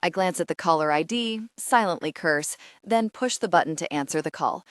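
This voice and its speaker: A woman giving wry, expressive first-person narration of a romance audiobook. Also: on the low side, normal speed, no echo, clean studio sound.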